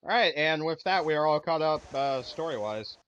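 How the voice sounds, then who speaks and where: Lively bright-voiced man streaming a game. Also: fairly high pitch, normal speed, clear, resonant tone, highs cut off. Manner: rambling, loses his train of thought. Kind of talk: casual gameplay chat.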